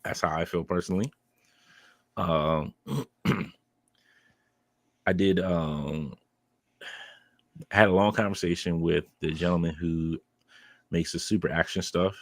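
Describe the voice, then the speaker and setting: A man's voice: low-pitched, slow pace, pauses often, no room sound. A man co-hosting a podcast, recapping a convention in casual chat, rambling with many ums and laughs. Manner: rambling, filler-heavy, laughs while telling stories. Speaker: podcast co-host.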